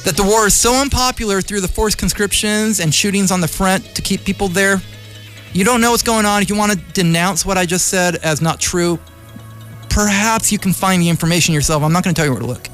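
High-voiced man ranting on radio. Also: a bit bright. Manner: impassioned, rambling, argumentative. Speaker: radio show host. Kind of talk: opinionated radio commentary monologue. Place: community radio studio.

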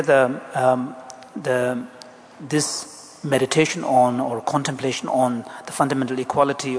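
Measured male interpreter in a hall. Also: mid-range voice. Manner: measured, deliberate explanation. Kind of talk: interpreting a Buddhist teaching. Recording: echoey hall, faint background noise.

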